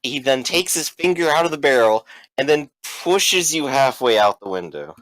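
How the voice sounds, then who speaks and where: A man's voice: medium pitch, very animated, moderate pace, a bit bright, no room sound, poor audio. A man running a tabletop role-playing game as game master, describing the action in a loose way with many fillers.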